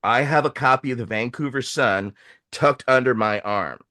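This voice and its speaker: A man telling a story in casual podcast chat, animated and profane, acting out the voices of the people he quotes. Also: mid-range voice, normal speed, dry recording, studio quality.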